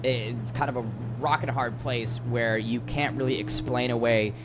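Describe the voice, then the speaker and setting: A man co-hosting a podcast, recapping a reality show in casual chat, animated and exasperated, swearing now and then. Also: medium pitch, normal speed, noisy background. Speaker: podcast co-host.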